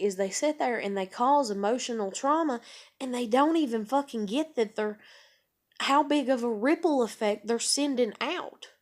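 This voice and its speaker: A woman talking frankly in a personal vlog, rambling and swearing freely. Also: medium pitch. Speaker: vlogger.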